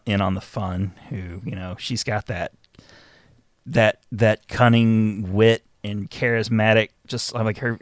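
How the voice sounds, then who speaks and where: A man co-hosting a casual movie-review podcast, swearing freely and swinging between loud jokes and mumbled asides. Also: fairly low pitch, no room sound, studio quality. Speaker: podcast co-host.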